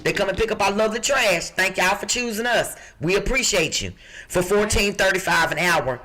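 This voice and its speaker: A middle-aged woman from the Midwest with a rough-edged voice, co-hosting a podcast and reading out job listings in a brassy, emphatic, joking way. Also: mid-range voice, fairly quick, pushed and bright. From Chicago. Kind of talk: lively podcast chat.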